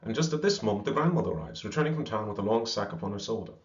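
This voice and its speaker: A man reading an old fairy tale aloud with expressive storybook narration, on a slightly dull recording. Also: on the low side, racing.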